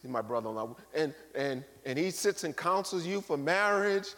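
Lively bishop preaching, fairly high voice, booming then hushed, long church reverb. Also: male voice, moderate pace. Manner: animated, acts out quoted people, swings from loud to quiet. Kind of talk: sermon. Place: large church sanctuary. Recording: long reverb of a large hall.

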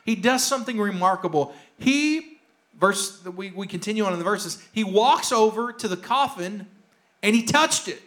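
High voiced preacher guy, earnest, repeats stuff, goes quiet on the tender bits. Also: animated, moderate pace. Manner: emotional, drops to a soft hush on tender lines; earnest, repeats phrases for emphasis. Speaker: pastor. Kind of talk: sermon.

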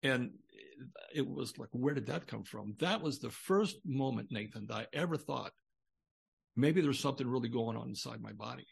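A man's voice: mid-range voice, animated, normal speed, gravelly, husky. An older man, a guest on a podcast interview, telling a long personal story in a rambling way with many restarts.

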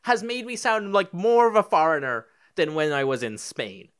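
A man's voice: sits high, sing-song, normal speed, a bit bright, clear, resonant tone. A young man with an Irish accent, co-hosting a podcast and ranting in casual chat, swearing freely. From Ireland. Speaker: podcast co-host.

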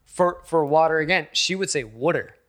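A man's voice: on the high side, fairly quick, sharp tone. A man in casual chat who swears freely and teases the others. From western United States. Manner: swearing, joking, teasing.

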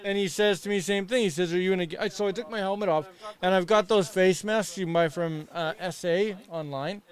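A man telling a border-crossing story in casual chat with friends, animated and swearing often. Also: sits high, brisk.

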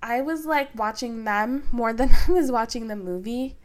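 A young woman talks casually about her favorite books, wandering off on tangents and filling pauses with "um" and "like". Her voice sits a little on the high side. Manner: chatty, rambling, filler-heavy. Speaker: book vlogger. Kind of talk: casual book tag chat.

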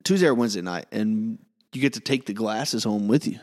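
A man's voice: lowish voice, lively intonation, a little fast, a little mellow, in a large hall. A man from the American South co-hosting a podcast, rambling and joking in casual chat. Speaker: podcast co-host.

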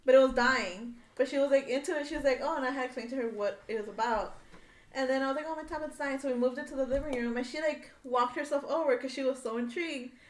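A woman's voice: sits high, fairly even intonation, fast talker, a little hiss or hum. A woman in casual chat, telling a story in a chatty, giggly way. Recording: echoey room.

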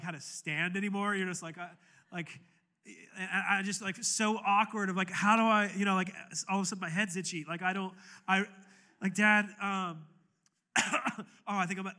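A young man preaching in church with a very bright, forward voice that sits a little high. He tells his story casually, stumbling and restarting often, then rises to fervent, shouted exhortation. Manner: conversational storytelling with many restarts, building to impassioned shouting. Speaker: pastor. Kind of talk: sermon with personal story. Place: church sanctuary.

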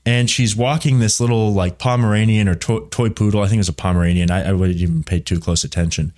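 A man's voice: fairly low pitch, steady tone, fast, darkish tone. A man hosting a solo political commentary show, speaking in an opinionated, blunt way that drifts into side remarks.

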